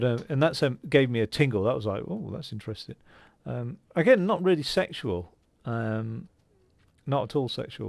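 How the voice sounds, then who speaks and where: Man, gravelly voice, rambling let's-play chatter, dry close sound. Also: mid-range voice, a little mellow, no room sound. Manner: rambling, chatty, many fillers and restarts. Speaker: gaming channel host. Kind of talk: casual let's-play commentary.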